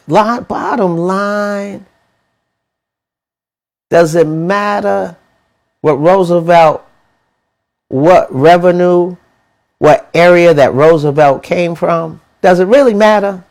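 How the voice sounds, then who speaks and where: A man giving a motivational money talk, animated and preachy, with lots of rhetorical questions and slangy, casual phrasing. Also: high-pitched, a little slow. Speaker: money mentor.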